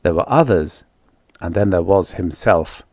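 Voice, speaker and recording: A man narrating a vintage science fiction story in a lively storytelling manner. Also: low voice, measured pace, no echo, studio quality. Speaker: audiobook narrator. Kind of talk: scripted narration.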